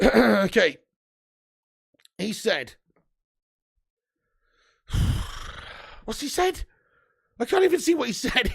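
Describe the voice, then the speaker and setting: A man hosts a live football fan stream in an indignant, profane rant. His voice sits very high for a man and grinds with strong vocal fry. He keeps swearing as he reacts to the news. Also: sing-song, takes it slowly, long pauses. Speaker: fan channel host.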